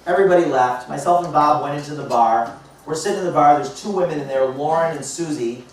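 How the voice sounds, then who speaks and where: A man speaking as a motivational speaker, telling a story to a live audience and acting out the dialogue in a lively way. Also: a little high, quick pace. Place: large indoor hall. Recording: echoey hall picked up from far off.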